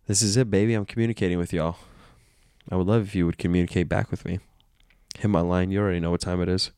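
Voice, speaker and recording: A man's voice: deep voice, fairly even intonation, fast talker, a little mellow, smooth, no room sound, studio quality. A man hosting a solo podcast, talking in a playful, meandering stream of consciousness from his bed at home. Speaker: podcast host. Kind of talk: rambling solo podcast monologue.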